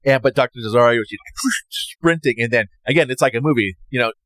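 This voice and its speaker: A man's voice: mid-range voice, fairly quick, dry recording. A man casually telling a personal story, rambling and acting out what others said. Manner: rambling, animated, acts out others' lines. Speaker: podcast host.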